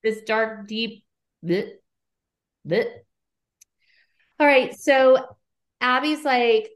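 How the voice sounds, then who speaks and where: A woman chatting on a podcast, retelling scenes with lively put-on quotes. She talks casually and swears now and then. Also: on the high side, slow pace, long pauses. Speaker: podcast co-host recapping episodes. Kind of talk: casual chat.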